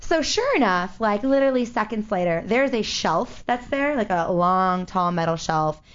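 A woman telling a story in casual chat, animated, with loose swearing and many fillers. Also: mid-range voice, normal speed. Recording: dull lo-fi audio.

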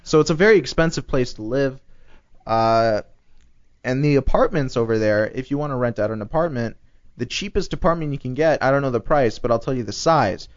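Man, casual co-host, mid-pitched, stammering storyteller, lo-fi recording. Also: lively intonation, a little fast. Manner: storytelling, stammers on restarts, laughs often. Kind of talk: casual chat. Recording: slightly dull lo-fi recording.

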